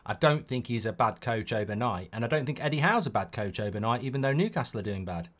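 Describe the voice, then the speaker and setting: A middle-aged man hosts a live football watchalong at a middling pitch. He rambles through strong opinions and stumbles into quick restarts as his thoughts race ahead. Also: lively intonation, a bit bright. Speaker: host.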